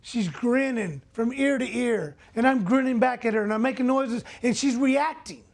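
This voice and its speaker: A man's voice: extremely high pitch, normal speed. A man speaking as a motivational speaker, telling a personal story earnestly and asking the audience direct questions.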